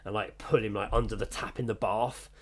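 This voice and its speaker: A man's voice: lowish voice, fairly even intonation, brisk, breathy edge. A man co-hosting a podcast, telling rambling, sweary anecdotes in casual chat. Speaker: podcast co-host.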